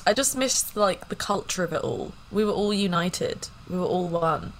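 A woman's voice: lowish voice, expressive, moderate pace, poor audio. A young woman co-hosting a podcast over a video call, chatting casually and teasing her co-host with lots of laughter. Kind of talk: casual chat.

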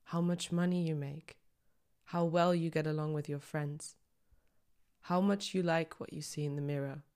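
Woman, young adult, low-pitched, podcast host, candid, raw, near tears. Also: fairly even intonation, moderate pace, a little mellow, clean tone. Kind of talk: personal reflective monologue.

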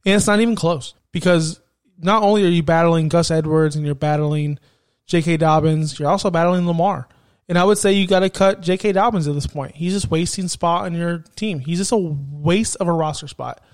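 A man's voice: fairly high pitch, moderate pace. A man hosting a podcast, ranting emphatically and swearing about fantasy football picks. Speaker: podcast host.

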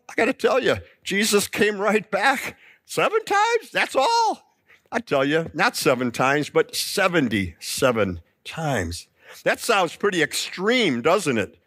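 A man preaching a sermon, telling the story with lively emphasis and acting out the quoted lines. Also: fairly high pitch, dry recording, studio quality. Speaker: pastor.

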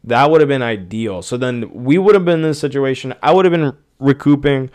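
A man's voice: medium pitch, brisk, a little mellow. A young man hosting a podcast, ranting in a rambling, profane, exasperated way. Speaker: podcast host. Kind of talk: casual rant.

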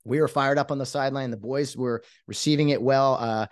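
A fired-up man hosts a podcast in a dry, close recording, his pitch sitting in a middle range. He talks emphatically and rambles, restarting his sentences as the energy carries him. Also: steady tone, a little fast, no echo. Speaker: podcast host. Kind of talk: excited podcast monologue.

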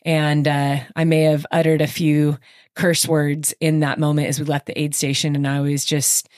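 Low-voiced woman telling a race story. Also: no echo, clean studio sound. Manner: animated, emotional, quick bursts with frequent fillers. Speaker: podcast guest recounting her race. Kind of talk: casual conversational storytelling.

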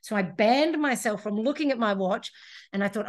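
Chatty woman podcast co-host, higher voice. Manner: chatty, laughs often, quick asides. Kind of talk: casual chat.

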